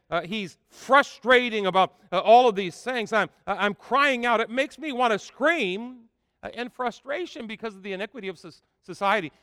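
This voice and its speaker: A man preaching in a church, his voice high, bright and crisp. He reads scripture with rising emphasis and fills pauses with frequent "uh"s, and the dry close sound carries a long hall reverb behind it. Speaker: pastor. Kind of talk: sermon.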